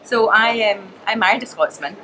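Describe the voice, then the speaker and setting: A woman's voice: mid-range voice, normal speed, noisy background. A middle-aged woman with a Glaswegian accent, chatting casually as a comedian guest and acting out the people in her stories. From Scotland. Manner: animated storyteller, acts out quoted voices. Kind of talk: casual chat.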